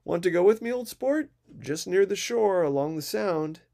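A man's voice: high voice, lively intonation, normal speed, gravelly, warm tone, voice pushed up. A man reading aloud, voicing a polished young wealthy man who speaks with elaborate, careful formality. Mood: friendly.

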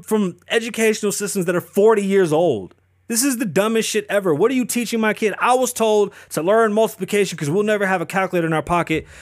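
Man, high voice, thirties, heated, profane, rambling rant, stumbles over words, show host. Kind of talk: casual ranting commentary. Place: Las Vegas.

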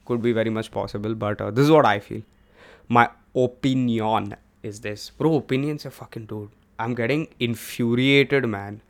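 A man's voice: fairly low pitch, normal speed, vocal fry, darkish tone. A young man with an Indian English accent hosting a solo podcast at home, talking in a candid, profane, rambling way. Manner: candid and profane, switches between English and Hindi. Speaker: podcast host. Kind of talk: casual solo podcast monologue. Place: room at home.

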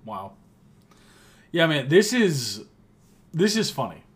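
A man's voice: a little high, sing-song, takes it slowly. A man from the United States co-hosting a sports podcast in a laid-back, joking way of casual chat. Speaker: podcast co-host.

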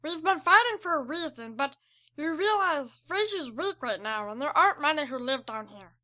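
A woman voicing a level-headed boy companion who reasons calmly. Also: high voice, moderate pace, voice pushed up, full character voice.

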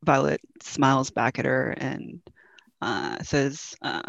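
Soft, gravelly man on a lo-fi mic. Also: medium pitch, animated, slow pace, no room sound. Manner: soft and hesitant, with fillers. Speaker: player. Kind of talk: narrating a character's actions. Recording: dull dry lo-fi mic.

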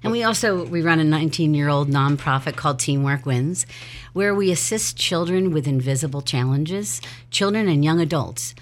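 A woman's voice: deep voice, animated, normal speed. A woman in her fifties co-hosting a podcast with her husband, chatty and laughing often, sometimes trailing off. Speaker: podcast co-host. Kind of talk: casual chat with spouse.

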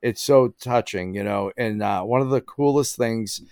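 A man's voice: on the low side, normal speed, darkish tone, smooth, no room sound, studio quality. A middle-aged man telling stories in a casual chat, with lots of fillers like "you know". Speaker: guest. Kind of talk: casual storytelling.

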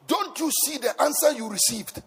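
A man preaching an impassioned sermon, shouting and chanting his points in a large church hall. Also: very high voice, expressive, normal speed. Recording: echoey hall with faint music.

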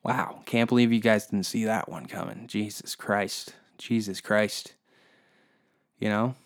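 A man's voice: lowish voice, steady tone, measured pace. A man from Canada, hosting a comedy podcast with a crude, profane, rambling rant. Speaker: podcast host.

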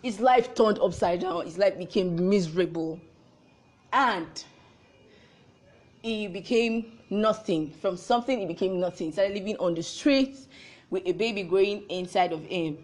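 A woman's voice: mid-range voice, a little slow, a little mellow. A young woman tells a role-reversal story, firing off repeated rhetorical questions.

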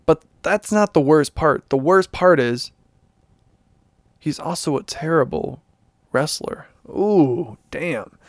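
A man's voice: a little high, takes it slowly, no echo. A man hosting a casual solo podcast, rambling and correcting himself with chuckling asides. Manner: reads text aloud flatly without doing impressions. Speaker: podcast host.

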